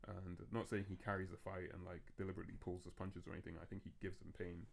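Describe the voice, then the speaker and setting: A man hosts a casual podcast chat, his voice low and gravelly with a flat, even pitch. He talks fast and rambles, breaking off and restarting his thoughts as he goes. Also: a little hiss or hum. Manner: fast, rambling, self-interrupting talk. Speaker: podcast host.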